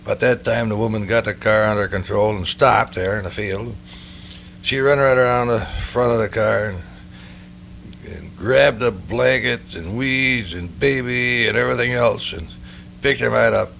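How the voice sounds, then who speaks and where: An older man with a gravelly, somewhat low voice tells old game-warden stories, dictated at home into a tape recorder. He rambles from one anecdote to the next and keeps circling back. A faint hiss sits under the voice. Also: moderate pace, fairly bright tone. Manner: rambling anecdotal, frequent "well, anyway". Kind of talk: dictated memoir storytelling.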